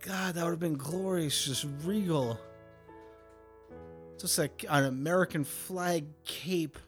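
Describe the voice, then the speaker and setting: A man hosts a solo podcast in a rambling, profane rant. He swings between loud, heated bursts and low, muttered asides. His pitch sits in an ordinary middle range, and faint music plays under the talk. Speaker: podcast host. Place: home setup, recording alone.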